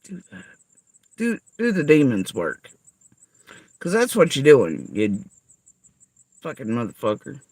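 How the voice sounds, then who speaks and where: A man's voice: medium pitch, huge pitch swings, measured pace, long pauses, darkish tone, husky, no room sound, poor audio. A man delivering an angry, profane, sarcastic rant straight to someone he calls out. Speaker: vlogger. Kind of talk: angry ranting monologue.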